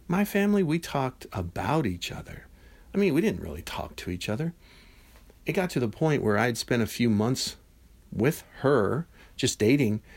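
Animated man in his fifties. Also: medium pitch. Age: 50s. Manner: animated, conversational, acts out dialogue in quotes. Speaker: podcast host. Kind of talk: Christian devotional podcast talk.

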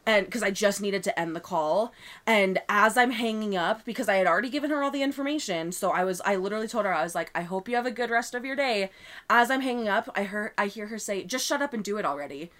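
Woman co-host, casual podcast chat, lively storyteller acting out both sides of a call, medium pitch. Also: quick pace. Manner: animated retelling of a customer service call, acting out both sides.

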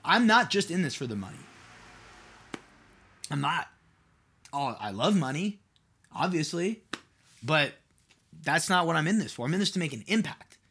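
A man's voice: a little high, very animated, moderate pace, long pauses, fairly bright tone, slightly rough. A man hosting his own podcast in a casual solo monologue, rambling and asking his listeners rhetorical questions with lots of "like"s. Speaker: podcast host and mentor.

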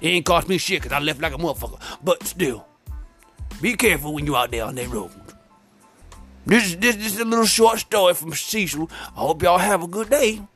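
A man's voice: high voice, animated, fairly quick, a bit bright, slightly rough, soft background music. A man telling a comic story in a rambling, profane, streetwise way, full of slang.

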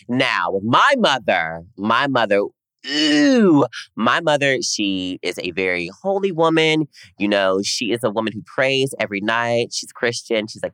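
A young man co-hosting a podcast, telling a personal story in casual chat, animated and dramatic, jumping from low murmurs up to high squeals. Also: normal speed, no echo. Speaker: podcast co-host.

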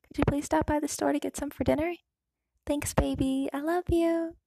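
A loving mother from a storybook, her voice lifted high and tender, put on by a woman narrator. There is a slight gravelly edge under the softness. It is recorded close and dry. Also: fairly even intonation, moderate pace, dry recording. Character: loving, worried mother of a teenage son.

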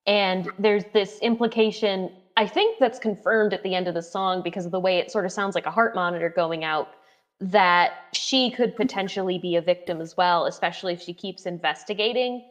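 A woman's voice: fairly low pitch, normal speed. Articulate woman discussing songs. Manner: articulate, thoughtful, slightly wry. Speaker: podcast co-host. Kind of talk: casual music chat.

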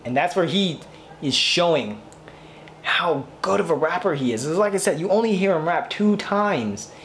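A man's voice: fairly high pitch, lively intonation, moderate pace, a bit bright, slight background noise. Gushing, rambling man reviewing a show. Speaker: podcast host. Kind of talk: casual solo TV review.

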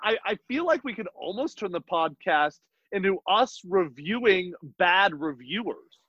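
A man co-hosting a podcast in casual chat, animated and swearing freely. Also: high voice, unhurried, no echo. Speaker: podcast co-host. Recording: dry, dull lo-fi sound.

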